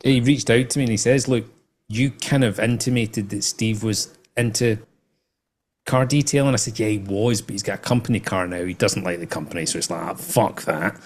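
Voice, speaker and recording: A man's voice: on the low side, moderate pace. Teasing man hosting. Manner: teasing, crude joking. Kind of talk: casual banter.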